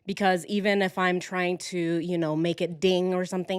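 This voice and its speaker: A woman's voice: fairly low pitch, smooth, dry recording, clean studio sound. Chatty woman hosting a live stream. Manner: chatty and animated, quick asides and self-correcting. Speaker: true crime live-stream host. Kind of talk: casual chat to a live audience. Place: at home. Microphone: phone.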